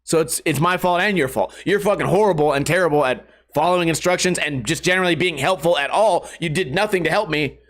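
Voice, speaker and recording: A man's voice: a little high, quick pace, hardly any pauses, a bit bright. A young adult man ranting on a casual podcast, profane and exasperated, putting on mocking voices when he quotes people. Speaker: skateboarding YouTuber.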